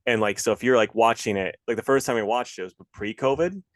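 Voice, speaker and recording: A man's voice: on the low side, fast talker, dry recording, studio quality. A young man co-hosting a podcast in casual, laid-back, joking chat. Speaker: podcast co-host.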